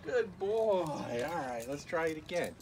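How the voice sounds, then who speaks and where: A male dog trainer talking casually on camera while playing with a puppy, breaking into high, excited praise between calm asides. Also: measured pace. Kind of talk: casual training vlog talk. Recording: distant voice with clear background noise.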